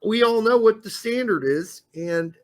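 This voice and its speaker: A man co-hosting a casual sports talk show, joking and animated as he talks. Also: high-pitched, a little slow, slight background noise. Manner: lively, joking, animated delivery. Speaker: podcast co-host.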